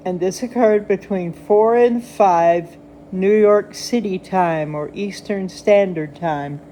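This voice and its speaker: Woman, livestream host, unhurried speech, friendly greetings to viewers, echoey room, faint background noise. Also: mid-range voice, dark tone. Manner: greets viewers by name, laughs often. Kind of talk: casual live chat.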